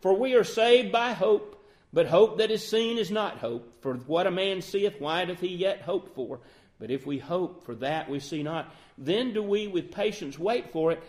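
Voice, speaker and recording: A man preaching a sermon, earnest and emphatic, reading scripture in a measured cadence and easing into soft reflection. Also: high voice. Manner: earnest, rising to emphatic peaks then quieting to soft reflection; quotes King James scripture in measured cadence.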